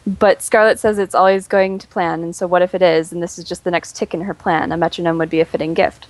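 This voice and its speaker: A woman on a podcast reading out a listener's letter in a brisk, teasing way. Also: lowish voice, level tone, no echo, low-quality recording. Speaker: guest.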